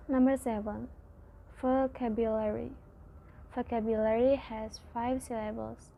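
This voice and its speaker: A woman student walks her class through numbered examples, splitting each word into syllables. She speaks at an unhurried, slow pace. Her voice is mellow and sits a little high. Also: fairly even intonation, slight background noise, low-quality recording. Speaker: student presenter. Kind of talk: reading a class presentation.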